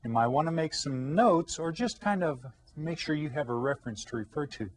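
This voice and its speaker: A man teaching an elementary language lesson, patient and encouraging, pausing to ask children questions. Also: on the high side, expressive.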